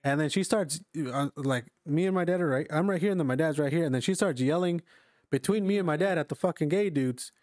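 A man's voice: fairly high pitch, brisk, a little mellow, no room sound, clean studio sound. A young man telling a rambling, profane story to friends in casual chat, full of fillers.

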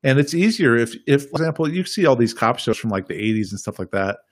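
A man's voice: mid-range voice, big pitch swings, fast, dry recording, clean studio sound. A man talking politics in a casual podcast chat, rambling and emphatic, often repeating himself. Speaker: podcast guest.

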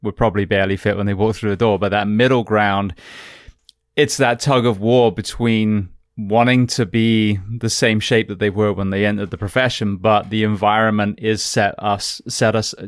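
A man with a fairly low voice talks as a podcast guest, rambling and restarting his sentences with easy, casual swearing. The sound is dry and close, with no room around it. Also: steady tone, normal speed, dry recording. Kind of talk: casual conversational explanation.

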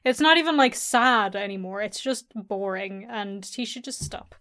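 A woman's voice: mid-range voice, animated, moderate pace, pushed and bright. A woman who is a podcast guest in a casual chat, with dry, blunt humour.

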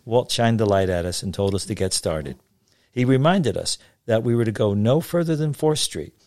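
A man's voice: lowish voice, expressive, moderate pace, darkish tone, no room sound. Dry-voiced man telling a childhood story. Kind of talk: told memoir story.

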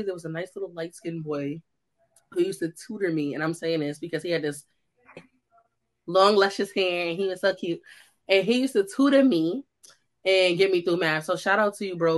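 A young woman from the United States, co-hosting a casual chat and telling lively stories, acting out the voices of people she quotes. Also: lowish voice. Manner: animated storyteller, acts out quoted dialogue. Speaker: co-host.

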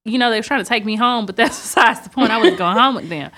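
A young woman with a slightly high voice talks at a quick pace as she co-hosts an easygoing podcast. She tells a dating story with plenty of energy, acting out what the others said.

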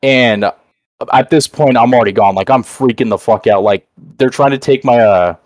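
Young male podcast host, mid-pitched and dry-sounding, loose rambling delivery with constant fillers and swearing. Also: normal speed, a little mellow, no room sound. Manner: rambling and profane, full of fillers. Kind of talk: casual storytelling chat.

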